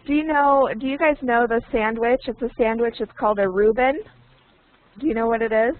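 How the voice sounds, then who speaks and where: A woman teaching English online, speaking slowly and deliberately and repeating key words so learners can follow. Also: fairly high pitch, a little hiss or hum. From United States. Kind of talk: online language lesson. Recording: tinny phone-like online call audio.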